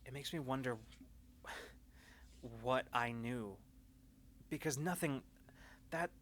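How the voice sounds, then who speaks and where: A quiet, halting woman pilot, as a man game master puts her on in a tabletop game, unsure of her own fears. The voice is bright and forward, yet held low and trailing off into pauses. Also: a little hiss or hum. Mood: troubled. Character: anxious, hesitant female pilot.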